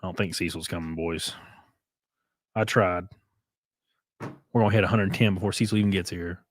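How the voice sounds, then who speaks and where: A man's voice: low-pitched, steady tone, normal speed. A man hosting a livestream, talking loosely to his chat with plenty of swearing while he sets up guests. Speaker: host.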